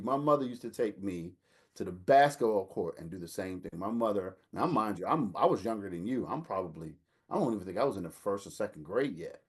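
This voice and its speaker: A man, telling a lively family story in casual chat and acting out the voices of the people in it. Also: fairly low pitch, brisk, slightly rough. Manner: animated storyteller, acts out quotes, laughs while telling. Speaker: older brother telling a story.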